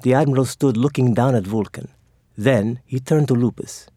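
A man narrating an audiobook in an expressive storytelling manner. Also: mid-range voice, moderate pace, breathy edge, no echo, studio quality.

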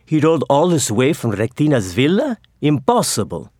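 A man's voice: fairly high pitch, wildly swooping pitch, normal speed, darkish tone, breathy edge, no echo, studio quality, heavily acted. Man doing a wheezing old Roman admiral. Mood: incredulous. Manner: commanding.

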